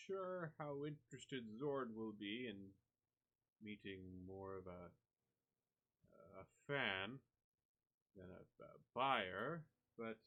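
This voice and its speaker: A man's voice: on the low side, pushed and bright, dull audio, exaggerated voice. A man voicing a wary male drow dockworker who is politely condescending, in a tabletop game. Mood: doubtful. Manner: politely dismissive.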